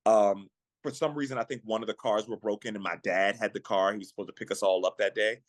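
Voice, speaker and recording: A man on a podcast, earnestly telling a personal story of faith in a reflective way, slowing down at the emotional moments. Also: lowish voice, fairly even intonation, no room sound. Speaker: guest, actor and singer.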